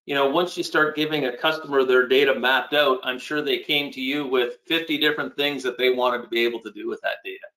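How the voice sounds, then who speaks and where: A man with a bright, forceful voice hosts a business webinar, sounding keen and upbeat. His voice rings in an echoey room. He walks listeners through the agenda with easy confidence. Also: mid-range voice, steady tone, brisk, few pauses. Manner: upbeat, enthusiastic. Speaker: host. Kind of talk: webinar presenting.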